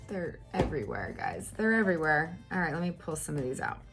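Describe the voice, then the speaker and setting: A woman in her thirties chatting casually through a makeup tutorial at home, animated, with fillers and exclamations. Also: low-pitched, fairly quick, music in the background. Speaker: makeup vlogger.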